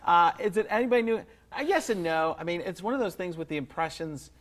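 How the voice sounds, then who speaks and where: A man's voice: high voice, expressive, a little fast. A comedian guest on a talk show, rambling and joking in a self-mocking way, often restarting his sentences. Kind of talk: casual talk-show interview.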